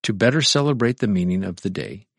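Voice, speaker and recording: A man preaching as a pastor, speaking conversationally and reading aloud from a book with animated asides. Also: fairly low pitch, quick pace, vocal fry, no echo, studio quality.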